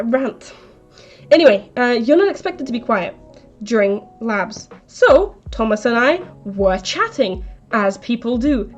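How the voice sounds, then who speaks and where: A woman's voice: on the high side, darkish tone, dull audio. A young adult woman live streaming, retelling a story in a chatty, rambling, indignant way.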